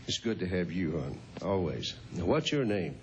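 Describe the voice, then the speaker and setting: A man's voice: low voice, sing-song, moderate pace, darkish tone, highs cut off. A folksy man in his fifties, teasing and chuckling as he chats with kids. His voice rises and falls a lot, over a faint hiss of background noise. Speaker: host. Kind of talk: casual chat with children.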